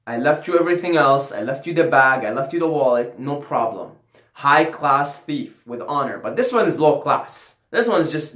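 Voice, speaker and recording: A man's voice: medium pitch, fairly bright tone. A man hosting his own channel, telling a personal story in a casual, profane, ranting way, repeating himself as he goes. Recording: roomy echo.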